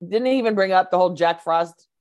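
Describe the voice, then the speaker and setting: A woman's voice: on the low side, quick pace, darkish tone, dry recording, highs cut off. A woman co-hosting a podcast, chatting casually about movies. She laughs easily and acts out quotes from scenes. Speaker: podcast co-host. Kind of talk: casual movie review chat.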